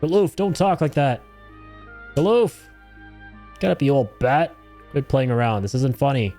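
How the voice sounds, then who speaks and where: A man's voice: mid-range voice, measured pace, dark tone, soft background music, natural voice. A man voicing a desperate young male hero from a video game, speaking in an urgent, raised, pleading way.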